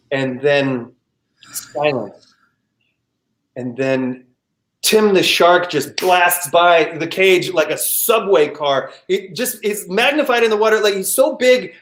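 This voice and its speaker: A man recounts a personal story for a live storytelling show, his voice sitting a little high for a man. He talks in a rush of restarts and mouthed sound effects. The sound is echoey, as if from a bare room over a video call. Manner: animated, frequent restarts, vocal sound effects.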